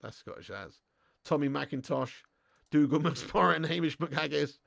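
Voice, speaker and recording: Gravelly, bright-voiced young man. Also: a little high, unhurried, no room sound, studio quality. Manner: swearing, laughing banter with chat. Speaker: watch-along host. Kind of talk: live football watch-along commentary.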